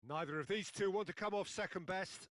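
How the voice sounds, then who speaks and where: A man giving play-by-play football commentary in a video game, building up excitedly and shouting at goals and shots. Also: high-pitched, fairly quick, dry recording.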